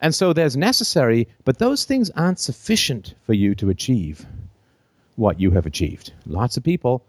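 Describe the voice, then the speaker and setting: A British-accented man hosting a call-in show, holding forth off the cuff with a trained, flexible voice. His pitch swings widely as he talks, and he breaks into short laughs. The sound is dry and close. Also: normal speed, dry recording. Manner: animated, laughs between phrases, theater-trained voice. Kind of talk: unscripted call-in show monologue.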